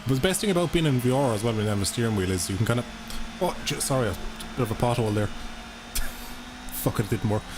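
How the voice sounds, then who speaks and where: A young gaming streamer from Ireland speaks quickly in a mid-range voice with lively intonation, chatting and cursing casually with viewers as he plays a racing game live. The noisy background carries game music and engine sounds.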